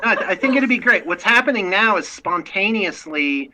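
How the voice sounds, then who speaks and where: A man's voice: high voice, lively intonation, fairly quick, noisy background. An American man talking as a guest about his painting studio, chatty and self-promoting, often restarting his sentences. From United States. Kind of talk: casual chat.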